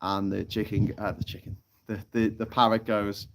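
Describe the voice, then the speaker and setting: Streaming live from a hammock on an off-grid tropical island, a sweary, chatty man reads chat comments and cracks jokes with plenty of laughter. His voice is lowish and brisk. A little hiss or hum sits under the audio.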